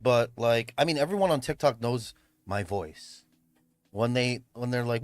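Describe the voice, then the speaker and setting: On a streaming mic with no room sound, a man chats unhurriedly on a livestream from his room at home. A livestreamer and event host with a mid-range voice, he rambles and often swears and laughs.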